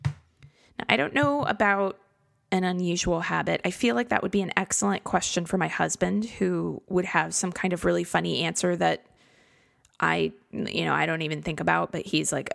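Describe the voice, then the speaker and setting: Woman, podcast host, casual solo talk, chatty, self-deprecating, gravelly, lowish voice. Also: normal speed, a bit bright. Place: home studio in a converted garage.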